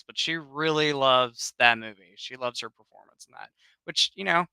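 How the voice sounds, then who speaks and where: A man with a very bright, smooth voice, chatting casually on a livestream. He greets his viewers by name in an affectionate, gushing way. The sound is close and dry. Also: mid-range voice, steady tone, normal speed, dry recording, low-quality recording. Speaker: livestream host. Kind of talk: casual chat.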